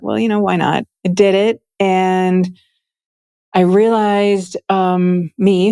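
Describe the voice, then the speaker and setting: A woman's voice: on the low side, dark tone, no room sound, clean studio sound. A woman being interviewed, talking with enthusiasm in a chatty, casual way, peppering her speech with "like" and "right?". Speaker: guest, Akashic Records reader and teacher.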